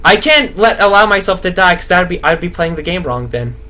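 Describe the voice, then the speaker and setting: A young man rambling nervously through horror game commentary, swearing and talking to himself to stay calm. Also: sits high, a little fast. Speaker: gaming video host.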